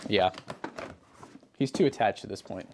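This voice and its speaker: Young male streamer, relaxed rambling chat, faint noise behind. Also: on the low side, measured pace, vocal fry. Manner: relaxed, rambling, answers chat while working. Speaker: PC builder livestream host. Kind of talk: casual livestream chat.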